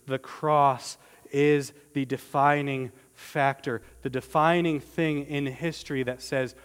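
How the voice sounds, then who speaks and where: A man preaching a sermon as pastor, earnest and emphatic, slowing down on key words and often restarting his phrases. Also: mid-range voice, fairly even intonation, smooth, in a large hall.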